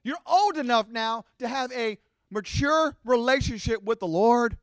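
High-voiced man preaching a sermon. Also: a little slow, no echo, clean studio sound. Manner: animated preaching, acting out voices of the congregation. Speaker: pastor.

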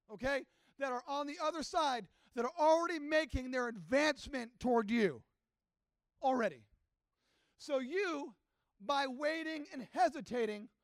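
A man preaching a sermon, telling a story with passion and rising to shouts. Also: very high-pitched, no echo. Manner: impassioned storytelling that builds to shouting. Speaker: pastor.

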